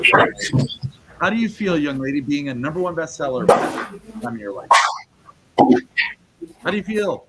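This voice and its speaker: A man's voice: a little high, a bit bright. A man hosting an online book launch over a video call, exuberant and jokey, rambling through frequent restarts.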